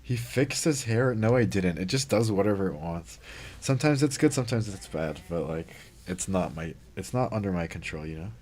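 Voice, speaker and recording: A man's voice: low-pitched, expressive, normal speed, a little mellow. A young man livestreaming a mobile game, chatting casually, reading chat and reacting to plays.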